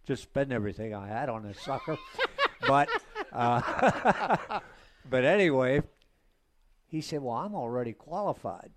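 A man's voice: medium pitch, animated, slow, background noise. Older man spinning rambling racing yarns. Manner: rambling anecdotes, chuckles between lines. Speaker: guest, former race car driver. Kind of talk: casual storytelling.

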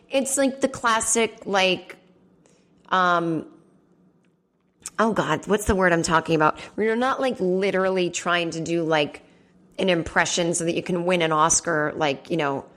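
A woman's voice: on the low side, fairly bright tone. A woman hosting a comedy podcast from home, chatting casually and rambling with lots of fillers and asides. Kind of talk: casual solo chat.

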